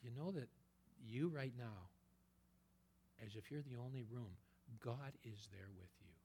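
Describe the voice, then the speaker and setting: A man preaching a sermon, quoting scripture and swinging between loud emphatic peaks and hushed whispers. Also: mid-range voice, a little slow, a little hiss or hum. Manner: quotes scripture in old-fashioned wording.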